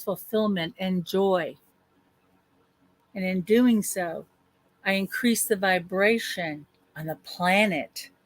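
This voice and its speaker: With a mid-range voice and no echo on the recording, a woman life coach leads a guided affirmation session on a group call. She draws out her affirmations slowly and repeats phrases.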